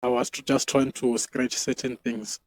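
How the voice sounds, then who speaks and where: A man's voice: medium pitch, level tone, moderate pace, poor audio. A South African man hosting his own show, talking loosely and profanely and laughing at himself. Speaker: podcast host. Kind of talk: casual solo commentary.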